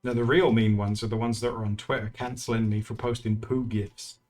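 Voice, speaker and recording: A man's voice: on the low side, fairly even intonation, a little fast, a little mellow, soft background music. A man streaming live, chatting casually with his viewers in a teasing way and laughing often.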